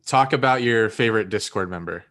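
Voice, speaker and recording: A man's voice: on the low side, fairly quick, a bit bright. Joking American man, casual chat. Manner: joking, playful banter. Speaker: podcast host.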